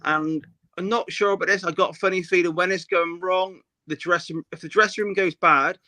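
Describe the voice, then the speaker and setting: A man's voice: high voice, fairly even intonation, a little fast, sharp tone, no echo. A man, co-hosting a casual football chat, opinionated and rambling with many restarts. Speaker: podcast co-host.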